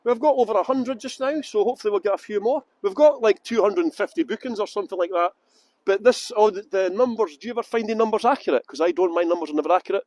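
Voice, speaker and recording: A Scottish man with a strikingly high voice guides a live virtual tour outdoors. He chats in an upbeat, rambling way, greeting viewers by name. The sound is dry and close. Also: quick pace, a little mellow, dry recording. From Scotland.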